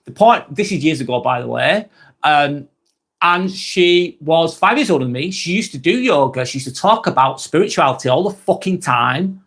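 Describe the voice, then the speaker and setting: A man in his thirties with a broad, strong talks casually on a live stream, reading out viewer comments. He is blunt and chatty, swears freely and repeats his phrases. His voice sits a little higher than most men's. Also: expressive, moderate pace, fairly bright tone.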